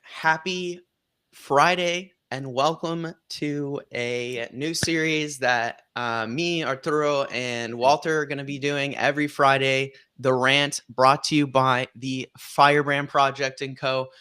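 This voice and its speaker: A man hosting a casual livestream, loose and excitable, swearing casually as he chats with his guests. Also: mid-range voice, clear, resonant tone. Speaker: livestream host.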